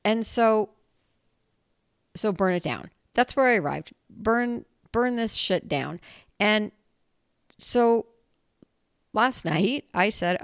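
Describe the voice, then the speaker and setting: A woman's voice: medium pitch, lively intonation, slow, long pauses, clean tone, no room sound, clean studio sound. A woman hosting her own podcast, talking candidly and animatedly in a casual solo monologue, laughing often and swearing now and then. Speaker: podcast host.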